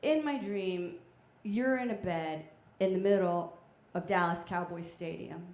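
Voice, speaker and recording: A woman performing a stand-up comedy set on a theater stage with a handheld mic, talking in a deadpan, chatty way with bursts of loud shouting. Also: on the low side, measured pace. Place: theater stage before a live audience. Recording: echoey theater with faint noise.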